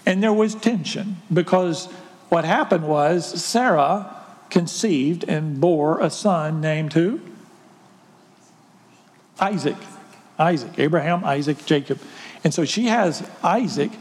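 A preacher with a higher voice in a big echoing hall. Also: male voice, slow, long pauses. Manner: storytelling, conversational with rhetorical questions. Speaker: pastor. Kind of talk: sermon.

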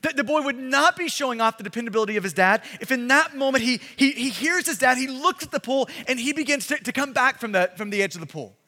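A pastor preaching a sermon with emphatic, repetitive delivery that builds to shouts, recorded in a large hall. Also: male voice, very high-pitched, lively intonation, fast, hardly any pauses. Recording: long hall reverb.

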